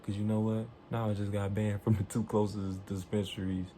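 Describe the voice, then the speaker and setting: A man telling a story to the camera in an animated, emphatic way, swearing freely and acting out what people said. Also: fairly low pitch, fairly quick, a little hiss or hum. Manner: profane, emphatic, acts out quoted dialogue.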